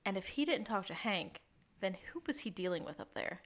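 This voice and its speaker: A woman's voice: mid-range voice, expressive, fairly bright tone. A woman co-hosting a podcast, casually recapping a TV episode and acting out characters' lines. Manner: retells scenes with quick quoted impressions. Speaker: podcast co-host.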